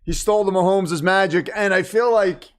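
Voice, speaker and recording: A man hosting a live watch party, reacting excitedly to the game and reading viewer comments aloud, his voice getting worn. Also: high-pitched, moderate pace. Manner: animated, exclaiming, reads chat aloud. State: losing his voice. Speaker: livestream host.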